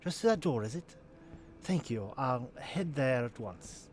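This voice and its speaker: A man's voice: mid-range voice, expressive, measured pace, darkish tone, a little hiss or hum, natural voice. A man voicing a nervous, eager teenage boy adventurer who speaks politely and a little stiffly, in a video game. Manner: polite, earnest and a bit stiff.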